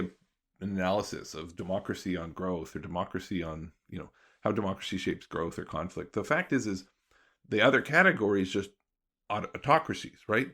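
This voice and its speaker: A man with a low, gravelly voice talks through his ideas as an interview guest. He sounds like a professor laying out an argument step by step, thoughtful and explanatory in an easy conversational way. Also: fairly bright tone.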